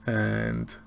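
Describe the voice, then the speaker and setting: A man giving a casual, rambling recap of a TV episode, excitable and often laughing. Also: lowish voice, gravelly, a little hiss or hum. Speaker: TV show reviewer.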